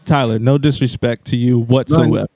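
A man's voice: mid-range voice, steady tone, normal speed, warm tone, no room sound. Playful man podcast co-host. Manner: playful, emcee-like. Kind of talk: casual chat.

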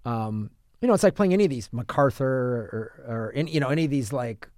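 A man's voice: mid-range voice, lively intonation, a little fast, darkish tone, dry recording, studio quality. A man co-hosting a podcast, chatting casually about films and telling rambling stories with many restarts. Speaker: podcast co-host. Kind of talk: casual film chat.

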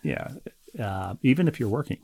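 A man co-hosting a casual podcast, reading listener mail aloud and teasing his co-host in a wry, halting way. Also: on the low side, big pitch swings, vocal fry, a little mellow, husky.

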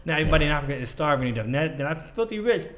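Fast-talking man from Ghana chatting. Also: a little high, animated, fairly bright tone. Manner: quick, loose, full of "you know" fillers. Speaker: podcast guest. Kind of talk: casual chat.

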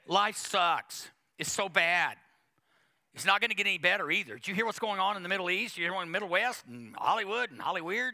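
A man's voice: high voice, animated, fairly quick, bright, forceful tone. A male pastor preaching a sermon, emphatic, with repetition and quoted asides to the congregation.

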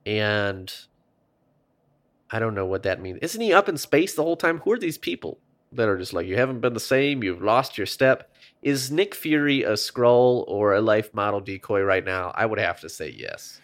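A man's voice: on the low side, lively intonation, normal speed. A man co-hosting a podcast, casually recapping and rambling, swearing freely. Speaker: podcast co-host. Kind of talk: casual chat.

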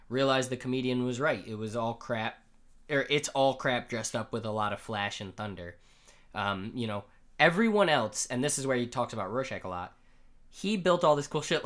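A man co-hosting a casual podcast chat, excitable, his voice climbing when he gets worked up, with a slight lisp from dental aligner trays. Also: medium pitch. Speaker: podcast co-host. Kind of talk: casual chat recapping a comic.

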